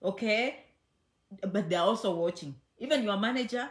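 A woman's voice: mid-range voice, lively intonation, normal speed. A woman hosting a casual livestream chat from home, chatty and affectionate, often checking in with okay. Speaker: social media host. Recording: echoey room.

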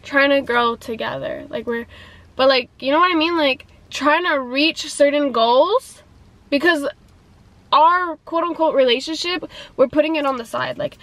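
A woman's voice: high-pitched, moderate pace, a bit bright, rough recording. A young woman vlogger chatting casually and confessionally, rambling and filling her talk with "like" and "you know".

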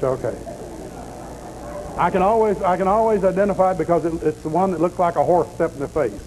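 Male preacher, sermon, folksy blunt stories, mellow tone, faint noise. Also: fairly high pitch, low-quality recording. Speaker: deliverance preacher.

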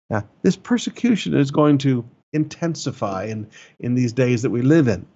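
A male pastor preaching a sermon, emphatic, with repeated phrases and sudden rises in pitch. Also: animated, moderate pace, mellow, dull audio.

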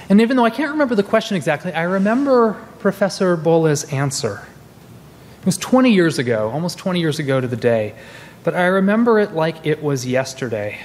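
In a church sanctuary with long, large-hall reverb and slight background noise, a man in his forties preaches as a minister. His fairly high voice is expressive and brisk, and he tells stories conversationally, restarting often.

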